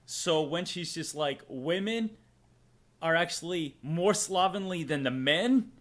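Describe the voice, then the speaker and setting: A man's voice: fairly high pitch, expressive, takes it slowly, a bit bright. A young man with a Boston accent, hosting a livestream and rambling to his chat, swearing freely as he goes. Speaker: streamer host.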